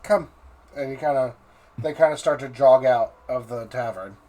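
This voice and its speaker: A man narrating a tabletop game as game master, pausing and restarting often. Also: mid-range voice, steady tone, mellow. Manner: halting, with restarts and fillers. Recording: faint background noise.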